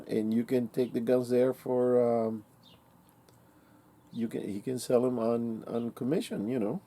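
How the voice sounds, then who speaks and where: A man's voice: medium pitch, steady tone, a little slow, dark tone. A man casually telling a rambling story, with many fillers and restarts, acting out the quoted dialogue. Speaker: vlogger.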